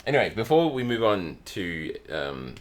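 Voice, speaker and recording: A man with a low, sing-song voice speaks at a normal pace. He's co-hosting a podcast, chatting casually and spinning anecdotes while laughing often.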